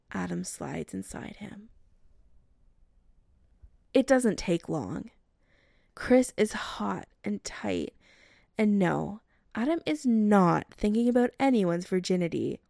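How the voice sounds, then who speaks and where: A woman narrating a romance story as an audiobook reading, slow and even. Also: mid-range voice, gravelly, no room sound, clean studio sound.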